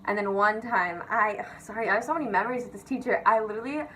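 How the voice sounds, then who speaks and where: Young woman, vlogger, casual storytelling, giggly, swears a lot, "like" everywhere, average pitch, faint background hiss. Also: quick pace, a bit bright, poor audio. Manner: giggly, profane, filler-heavy with constant "like".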